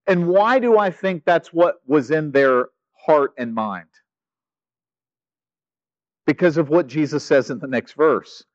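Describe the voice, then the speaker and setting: Male pastor, sermon, fairly high voice, dry dull recording. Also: slow pace, long pauses, dry recording. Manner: animated, swings from loud to hushed.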